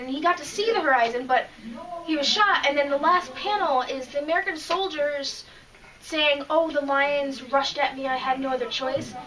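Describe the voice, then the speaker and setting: A podcast co-host, this woman reviews comics in casual chat, talking eagerly and emotionally and often restarting her sentences. Her voice is high and bright. She sits a bit away from the mic, so she sounds slightly distant.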